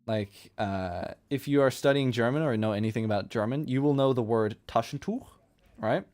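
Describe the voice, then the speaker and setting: A man chatting casually on a live stream while he draws manga, rambling and quick to laugh at his own jokes. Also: medium pitch, a little mellow. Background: faint music playlist.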